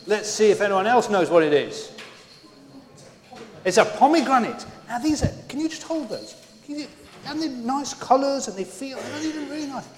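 A man leading a playful children's talk in a large church, chatty and coaxing the kids along. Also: high-pitched. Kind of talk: playful all-age church talk with props. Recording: echoey church hall with long reverb.

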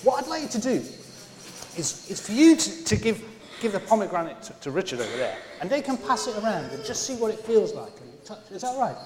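A man's voice: sits high, very animated, fairly quick, a crowd in the background. A man leading a playful children's talk in a large church, chatty and coaxing the kids along. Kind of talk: playful all-age church talk with props. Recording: echoey church hall with long reverb.

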